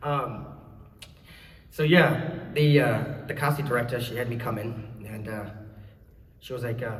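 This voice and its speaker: A man in his thirties with a New Zealand accent, telling lively stories as a guest on a convention panel. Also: medium pitch, measured pace, pauses often. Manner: lively, laughing, acts out voices. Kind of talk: animated storytelling. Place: large convention hall. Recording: echoey hall from far off.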